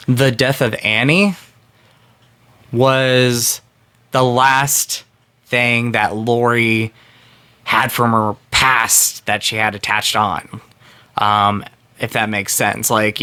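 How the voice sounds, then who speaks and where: Slow, earnest man reviewing a film. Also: mid-range voice, bright, forceful tone, clear, resonant tone. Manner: rambling with many fillers and restarts; earnest and emotionally invested. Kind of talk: casual spoken film review.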